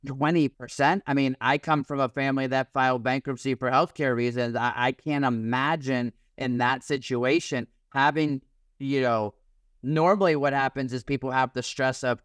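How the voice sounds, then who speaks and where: A man's voice: mid-range voice, steady tone, normal speed, a bit bright, no echo, clean studio sound. A man hosting a podcast interview, thoughtful and conversational. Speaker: podcast host.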